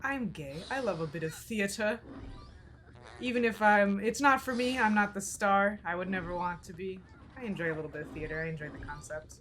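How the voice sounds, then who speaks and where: A chatty woman gaming on a livestream, rambling candidly over the game. Her voice sits at an ordinary middle pitch, and she swears now and then. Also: brisk, a bit bright, soft background music. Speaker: streamer. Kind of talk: casual let's-play commentary.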